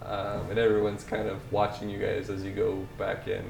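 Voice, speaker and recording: Low-voiced male game master, rambling casual narration, echoey room with noise. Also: completely flat delivery, normal speed, vocal fry, over music. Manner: loose, rambling narration with fillers.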